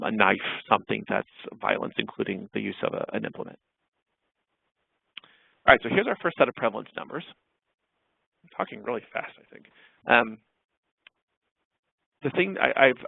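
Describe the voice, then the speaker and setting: A man's voice: fairly low pitch, gravelly, no echo. A man giving a webinar talk over slides, casual and full of fillers and restarts. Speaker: clinical researcher presenting a webinar. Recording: dry tinny phone-like webinar audio.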